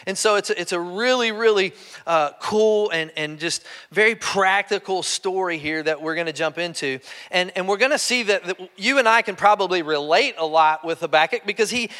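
A man's voice: sits high, normal speed, pushed and bright. A man preaching a sermon in a conversational way, often restarting and repeating words. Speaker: pastor. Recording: long hall reverb.

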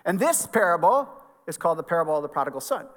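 A man's voice: fairly high pitch, very animated, quick pace, a bit bright, long reverb tail. A middle-aged man, a pastor, giving an earnest, conversational sermon in a church sanctuary.

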